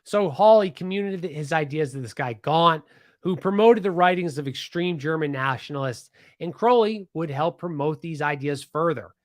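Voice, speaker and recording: Lively male podcaster telling history. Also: a little high, moderate pace, no room sound, studio quality. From Pennsylvania. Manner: animated, with many restarts and asides. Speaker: podcast host. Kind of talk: casual history storytelling.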